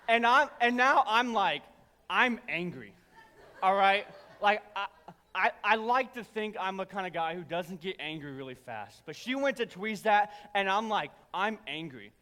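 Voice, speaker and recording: A young man preaching a sermon, telling personal stories in an animated, self-deprecating way to his congregation. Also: high voice, a little slow. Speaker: pastor. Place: large church auditorium. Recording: church hall with long reverb.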